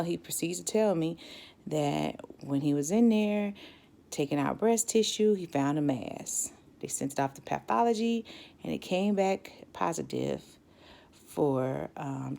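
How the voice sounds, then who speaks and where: A woman's voice: low voice, gravelly. A woman, casually telling her own story and acting out what people said. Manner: lively, acts out quotes with animated voices.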